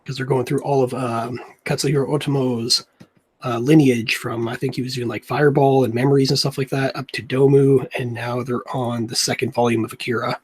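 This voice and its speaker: A young man talks in a loose, rambling way as he works on a drawing at home, telling stories between strokes of the pen. His voice sits at a middle pitch and has a husky edge. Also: little pitch movement, a little fast. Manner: rambling, chatty, laid-back. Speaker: comic artist. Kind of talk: casual chat while drawing.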